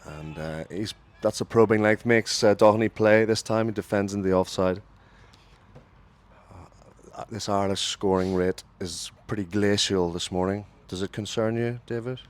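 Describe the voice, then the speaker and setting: Deep-voiced man calling cricket on radio. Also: normal speed. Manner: lively ball-by-ball calling, corrects himself. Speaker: lead radio commentator. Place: radio commentary booth.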